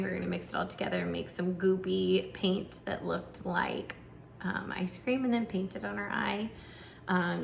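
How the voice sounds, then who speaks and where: A woman's voice: medium pitch, creaky, a bit bright, a little hiss or hum. A young woman, a preschool teacher, chatting casually and encouragingly to parents with lots of fillers.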